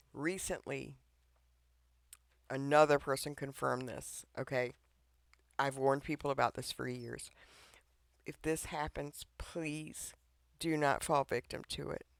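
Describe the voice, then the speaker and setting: A man gives an informal devotional message, pleading and earnest, often pausing to check in with his listeners. His voice sits in an ordinary middle range with a gravelly, creaky edge. It is recorded close to the mic in a dead, dry room. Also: mid-range voice, dry recording. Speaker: online devotional preacher.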